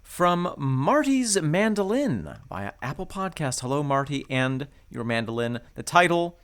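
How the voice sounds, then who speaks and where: A man's voice: fairly high pitch, big pitch swings, a little slow. A man co-hosting a music podcast, reading a listener review in an enthusiastic, jokey casual chat. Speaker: podcast co-host.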